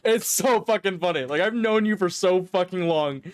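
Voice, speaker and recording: A man's voice: high-pitched, normal speed, smooth, no echo. A man co-hosting a podcast, chatting casually and swearing freely as he laughs through stories. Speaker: podcast co-host. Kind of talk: casual chat.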